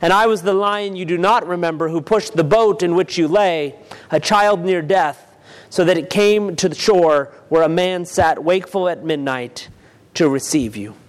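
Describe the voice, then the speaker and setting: A man reading aloud and voicing a huge, calm male lion who speaks slowly and gravely. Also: natural voice. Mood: solemn. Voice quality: deep, slow, grave. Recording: long reverb.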